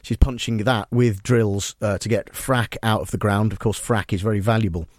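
A man hosting a satirical radio show, deadpan and mock-serious. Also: on the low side, normal speed, no room sound, studio quality. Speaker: radio host. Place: radio studio.

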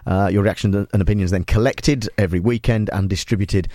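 A man hosting a talk radio show in a studio, delivering absurd items in a deadpan, mock-serious way. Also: fairly low pitch, fairly quick, no echo. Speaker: radio host. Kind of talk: comic radio presenting. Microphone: studio microphone.

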